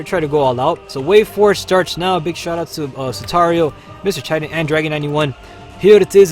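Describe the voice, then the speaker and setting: A man hosting a casual gaming livestream, chatting upbeat with viewers while he plays. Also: a little high. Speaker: livestream host.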